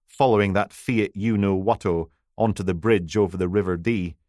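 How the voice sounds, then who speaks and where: A man's voice: deep voice, dry recording. A man narrating a crime novel audiobook in a dry, wry reading voice.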